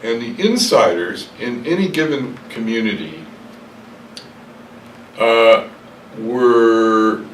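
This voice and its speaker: An older man with a mid-range voice and lively intonation speaks slowly with long pauses, telling stories of his past during an interview in a hotel room. He rambles and hesitates, filling gaps and correcting himself, recorded by a distant mic in an echoey room with faint hiss.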